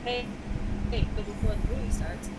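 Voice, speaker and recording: A young woman from Texas chatting casually, telling stories slowly with halting restarts. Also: mid-range voice. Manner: slow, meandering storyteller with halting restarts. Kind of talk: casual chat. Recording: loud background noise.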